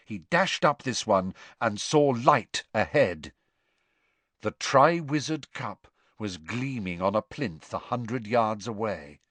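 Lively male audiobook narrator. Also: lowish voice, slow, dry recording. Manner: expressive, rises with the action. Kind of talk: dramatic audiobook reading.

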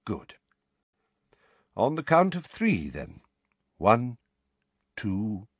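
A man reading an audiobook and voicing an elderly headmaster wizard who speaks in a measured, quiet, authoritative way. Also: lowish voice, wildly swooping pitch, breathy edge, no echo, full character voice. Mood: urgent calm. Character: calm, grave elderly male headmaster wizard.

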